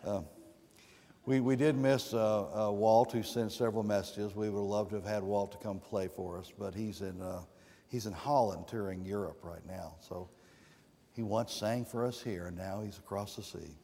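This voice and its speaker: A man preaching a sermon as a guest preacher, with sweeping rises and drops in pitch and loudness. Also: fairly even intonation, moderate pace. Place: church sanctuary. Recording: long reverb of a church sanctuary.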